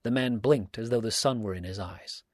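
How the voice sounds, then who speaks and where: Narrator: male, lower voice, dry close recording, steady audiobook reading. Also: moderate pace, no room sound. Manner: steady, earnest storytelling.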